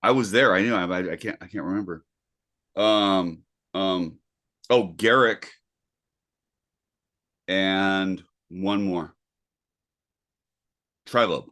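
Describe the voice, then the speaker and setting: Playful low-voiced man joking around. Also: takes it slowly, pauses often, a bit bright. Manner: playful, jokey, exaggerates for laughs. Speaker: podcast co-host. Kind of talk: casual chat.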